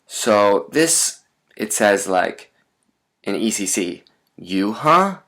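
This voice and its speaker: A man's voice: lowish voice, lively intonation, slow pace. A man teaching in a recorded lesson, explaining step by step and often checking in with "right?". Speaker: language teacher.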